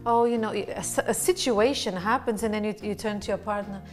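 A woman's voice: medium pitch, fairly quick, faint music behind. Chatty woman talk show co-host. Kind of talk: casual studio chat.

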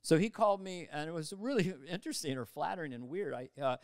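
Man, comedian guest, animated storyteller, slightly high voice, smooth, dry studio mic. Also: fast talker, no room sound. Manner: animated, slips into voices and quotes mid-story. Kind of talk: casual interview storytelling. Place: podcast studio.

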